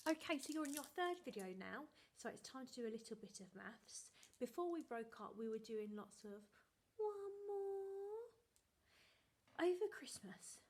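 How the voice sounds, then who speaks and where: A woman teaching small children over video, her voice sitting a little on the high side. She talks in a bright, sing-song, animated way and speaks slowly and clearly so that little ones can follow. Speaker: primary school teacher. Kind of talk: remote video lesson for young children.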